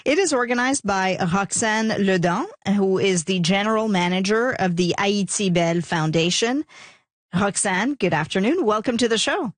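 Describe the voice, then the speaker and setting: A woman radio host who introduces the segment and interviews a guest in a friendly, smooth presenter manner. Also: medium pitch, normal speed, no echo. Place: radio studio.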